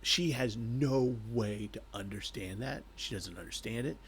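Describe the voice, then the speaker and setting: A man casually reviewing an anime, talking in an animated, rambling way and chuckling between thoughts. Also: medium pitch, unhurried, slight background noise.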